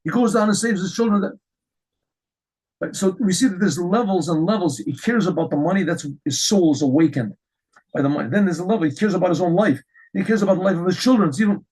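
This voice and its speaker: A middle-aged man teaching a Torah lesson as a rabbi, telling stories with lively restarts and repeated words. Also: high voice, breathy edge, low-quality recording. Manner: animated storytelling with frequent restarts.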